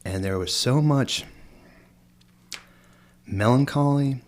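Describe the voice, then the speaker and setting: A man's voice: mid-range voice, takes it slowly. A man co-hosting a podcast, telling a story in casual chat among friends, rambling with lots of fillers and restarts. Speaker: podcast co-host.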